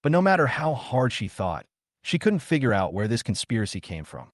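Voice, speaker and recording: A man narrating a manhwa story recap in a steady storytelling read. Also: mid-range voice, a little fast, no echo, clean studio sound.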